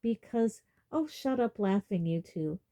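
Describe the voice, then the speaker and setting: A woman voicing a sensible teenage girl who speaks briskly and scolds. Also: medium pitch, expressive, warm tone. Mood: annoyed.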